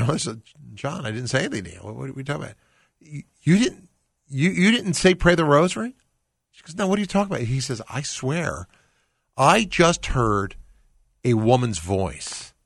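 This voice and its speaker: A man's voice: medium pitch, gravelly, dry recording. A man hosting a faith call-in radio show, telling a family story earnestly and taking listener calls, with frequent restarts. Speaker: radio talk show host.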